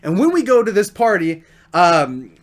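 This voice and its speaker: Young male vlogger with a high voice, animated and slangy storyteller. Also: normal speed. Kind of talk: storytime vlog.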